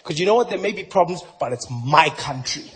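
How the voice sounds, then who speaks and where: A man performing stand-up in a large live venue, lively and loud in bursts. His voice sits high for a man. Clear crowd noise runs under the stage recording. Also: fairly quick. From South Africa. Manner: animated, shifting between shouts and mutters. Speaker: stand-up comedian. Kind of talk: stand-up comedy set.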